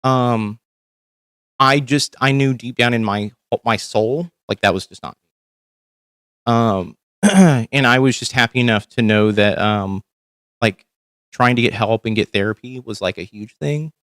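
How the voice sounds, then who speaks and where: A man's voice: mid-range voice, a little slow, a bit bright, dry recording, studio quality. A man hosting a casual livestream, talking candidly and rambling with frequent ums and swearing. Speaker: livestream host.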